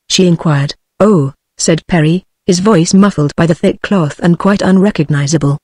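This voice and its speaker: A text-to-speech woman's voice with a British English accent, reading a story aloud as an audiobook narrator in an even, measured way. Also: fairly low pitch, no room sound, studio quality.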